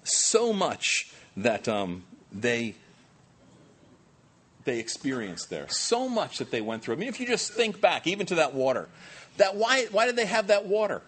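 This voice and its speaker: A pastor giving a sermon, telling the story in a conversational, animated way with many fillers. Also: male voice, fairly high pitch, measured pace.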